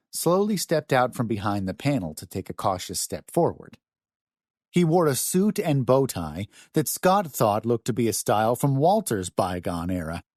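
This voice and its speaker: A male audiobook narrator with a lowish voice that rises and falls with lively storytelling. The recording is dry and close, with no room sound behind him. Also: no room sound. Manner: expressive storytelling. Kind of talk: scripted narration.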